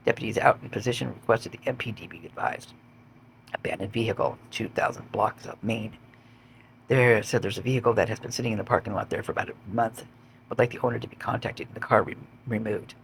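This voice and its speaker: A man's voice: fairly low pitch, gravelly, fairly bright tone, a little hiss or hum. A man reading out police call logs and adding blunt, swearing commentary of his own. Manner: blunt, swears when indignant. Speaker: vlogger.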